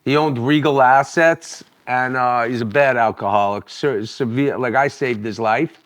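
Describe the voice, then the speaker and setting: A man co-hosting a podcast, rambling through animated, profane anecdotes in casual chat. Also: medium pitch, normal speed. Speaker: podcast co-host.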